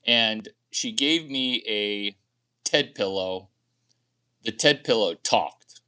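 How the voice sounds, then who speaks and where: A man's voice: fairly low pitch, slow, bright, forceful tone, clear, resonant tone. A man talking to camera in a rambling, crude, boastful monologue, often laughing at his own jokes. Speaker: vlogger.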